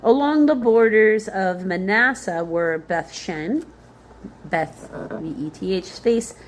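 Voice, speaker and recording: A woman's voice: mid-range voice, slow. A woman leading a Bible study, reading names from scripture aloud, spelling hard ones out letter by letter and thinking aloud with fillers.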